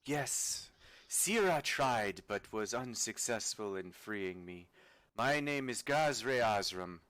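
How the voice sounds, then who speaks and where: A man voicing a male genie trapped in a book, speaking in a deep, airy, slow and formal way. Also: expressive, a bit bright, dry recording. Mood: weary, formal.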